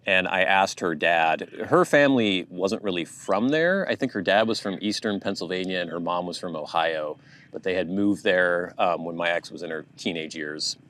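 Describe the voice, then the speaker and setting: This YouTuber from the United States has a deep, fairly bright voice and speaks at normal speed. He hosts his channel with a rambling, relaxed chat to camera, thinking aloud.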